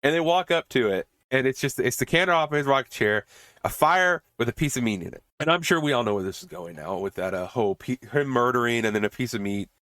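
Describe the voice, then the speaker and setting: A man's voice: mid-range voice, animated, fast talker, a bit bright, no room sound, clean studio sound. A man hosting a podcast, recapping a movie in a rambling, casual way, swearing often and laughing at it. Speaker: podcast host.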